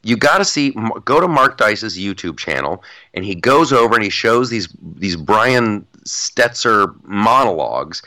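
This podcast co-host speaks in a fairly low, animated voice, a little slowly and with few pauses, his tone sharp. Chatting casually about politics, he's emphatic, mock-boastful, and keeps repeating punchlines to drive them home.

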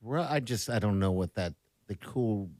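A man's voice: fairly low pitch, animated, moderate pace, darkish tone, no echo, clean studio sound. A man co-hosting a morning radio show, chatting casually and laughing often.

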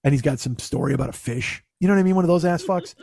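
A man's voice: a little high, animated, very fast, gravelly, mellow, no room sound, studio quality. A man telling a casual, profane story in his own voice. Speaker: podcast host telling a story.

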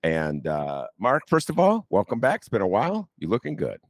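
Animated, gravelly older man. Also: normal speed, no echo. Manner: animated, jokey, swoops high for teasing asides. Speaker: podcast host. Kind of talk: casual political talk show.

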